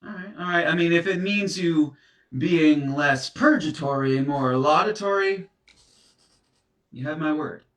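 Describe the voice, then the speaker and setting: A man's voice: on the high side, a little slow, fairly bright tone. A man acting as a guilt-ridden serial dumper confronted by an ex's ghost, stammering through flustered apologies in a comedy sketch. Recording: echoey room, distant mic.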